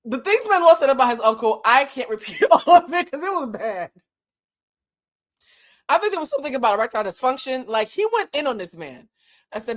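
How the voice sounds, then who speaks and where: Animated woman telling a storytime vlog. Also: sits high, fairly quick. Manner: animated, exasperated storytelling with acted-out quotes. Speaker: emotional intelligence coach.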